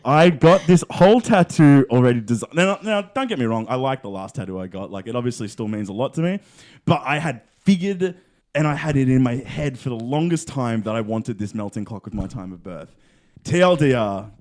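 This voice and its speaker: A young man co-hosting a podcast, telling a story in casual chat, animated and swearing, acting out quotes. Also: mid-range voice, fairly quick. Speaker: podcast co-host.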